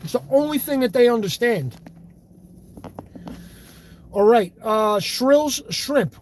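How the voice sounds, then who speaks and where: A man's voice: extremely high pitch, expressive, unhurried, pauses often. A man hosting a livestream, reading viewer comments in blunt, profane, fiery casual talk. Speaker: livestream host.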